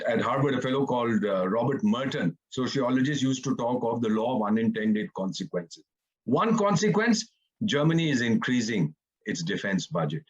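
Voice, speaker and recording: A retired ambassador in his seventies speaks on a panel over a video call, sarcastic and theatrical with mocking asides. His mid-range voice is slightly rough, and the audio sounds dull.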